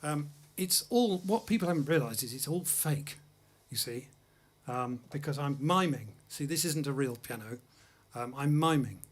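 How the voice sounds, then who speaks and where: A man's voice: fairly high pitch, animated, moderate pace, hardly any pauses. Chatty English man hosting a music livestream. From England. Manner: chatty, anecdotal, self-deprecating. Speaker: host and jazz pianist-singer. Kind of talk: casual chat between songs on a livestream. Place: music studio.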